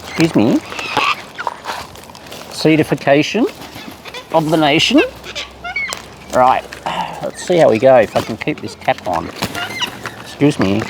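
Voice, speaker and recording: Gravelly man cooing baby talk. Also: mid-range voice, very animated, a little slow, pauses often. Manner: playful baby talk, coos and nicknames. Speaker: bird-feeding vlogger. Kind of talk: casual chatter to wild birds. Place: outdoors among wild cockatoos. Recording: noisy outdoor recording.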